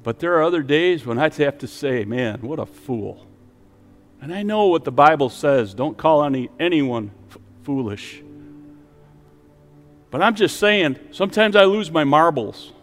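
Preaching pastor in a reverberant hall. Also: male voice, fairly high pitch, lively intonation, moderate pace, faint music behind. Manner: rising to emphatic preaching, dropping to soft prayer. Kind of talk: sermon with altar call. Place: church sanctuary with online stream.

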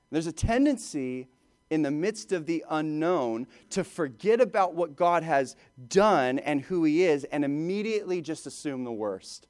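Male pastor, slightly high voice, casual and animated sermon delivery. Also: moderate pace. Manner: conversational, animated preaching with repeated words.

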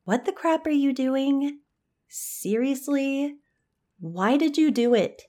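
A woman doing angry high-pitched spider-loving girl. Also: expressive, takes it slowly. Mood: furious. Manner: sharp, exasperated. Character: angry teenage girl who collects spiders.

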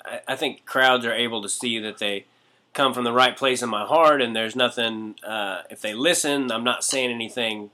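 A man's voice: mid-range voice, moderate pace, bright, forceful tone. A man, a comedian, talking candidly in a casual podcast chat, with profane asides.

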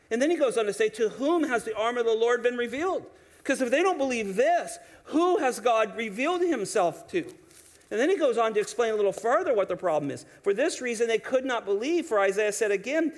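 A man preaching a sermon, animated, acting out quoted voices, often restarting his sentences. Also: high-pitched. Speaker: pastor.

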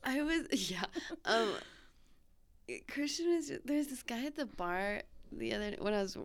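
A woman hosting a casual podcast chat, chatty and giggly, tossing in quick joking asides. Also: on the high side, animated. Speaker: podcast host.

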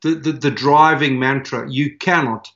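A man's voice: medium pitch, unhurried. A man, a pastor, telling personal stories in an interview, earnestly acting out the dialogue. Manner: earnest, animated storyteller who acts out quoted dialogue. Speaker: pastor and church leader. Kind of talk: conversational storytelling in an interview. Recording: dull, lo-fi sound.

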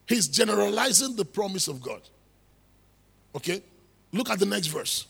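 A man's voice: sits high, animated, brisk, vocal fry, a bit bright, husky, big-room sound. A man preaching a sermon, emphatic, repeating phrases and building into exhortation.

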